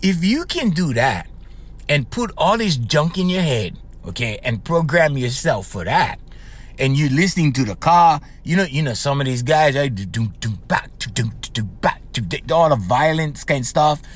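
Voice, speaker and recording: This middle-aged life coach podcaster talks at a normal speed in an animated voice that sits on the high side. His English carries a Hawaiian Pidgin tinge, and his conversational, wandering monologue is peppered with "right?" and frequent laughter during his stories.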